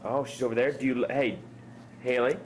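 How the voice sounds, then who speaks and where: A man's voice: medium pitch, level tone, normal speed, a little hiss or hum. A father at home patiently coaxing his toddler through animal sounds, playful and repetitive. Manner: patient, playful, repeats questions.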